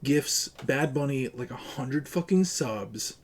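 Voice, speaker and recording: A man's voice: medium pitch, lively intonation, slow pace. A man livestreaming, ranting to his chat in a profane, argumentative and sarcastic way. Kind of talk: casual live-stream rant to chat.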